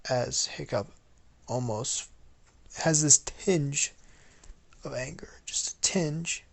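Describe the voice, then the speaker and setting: A young man narrates an improvised fan story at a slow pace, his voice gravelly with fry. He rambles through it with frequent restarts and filler. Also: mid-range voice.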